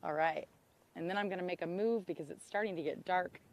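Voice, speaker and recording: A woman hosting an outdoor livestream, talking excitedly into a handheld camera by a public road. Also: on the low side, a little fast. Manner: excitable, exclaims often. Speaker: livestream host.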